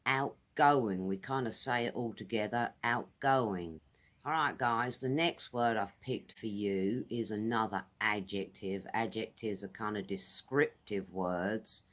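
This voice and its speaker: A woman's voice: extremely low pitch, steady tone. A British woman giving a casual English vocabulary lesson outdoors, repeating each word carefully for pronunciation. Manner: friendly, repeats words slowly for pronunciation. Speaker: English teacher.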